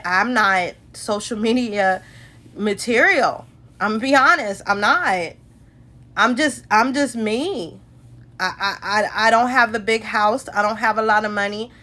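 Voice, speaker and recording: A woman's voice: mid-range voice, sharp tone. A woman hosting a phone livestream, talking heartfelt and emotional about her faith, calling her viewers y'all. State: tearful at times. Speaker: livestream host.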